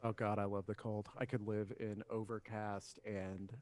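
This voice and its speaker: A man's voice: on the low side, flat delivery, moderate pace, a little mellow, no room sound. Rambling, swearing male podcast co-host. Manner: rambling, swears often, many restarts. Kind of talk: casual chat.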